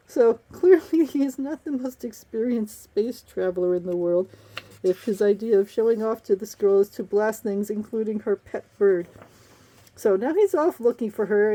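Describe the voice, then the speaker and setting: A woman's voice: medium pitch, animated, moderate pace, warm tone. A woman and romance novelist giving a casual, sarcastic book review, laughing often.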